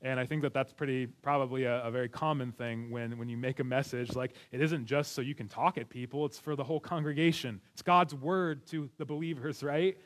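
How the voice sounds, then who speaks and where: A man's voice: mid-range voice, fairly even intonation, a little fast, few pauses. A man preaching a sermon as a pastor, talking to his congregation in an earnest, conversational way. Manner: conversational, earnest, with restarts and light laughs.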